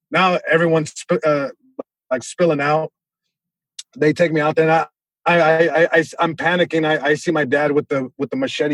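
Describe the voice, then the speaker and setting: A man from Southern California, a comedian guest telling a story on a podcast, animated, with many restarts. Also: a little high, no room sound, poor audio.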